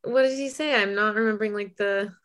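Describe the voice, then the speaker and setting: A woman's voice: medium pitch, fast talker, a bit bright, clean tone. Woman, casual podcast guest, rambling and chatty delivery. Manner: chatty, many "like" fillers, laughs easily.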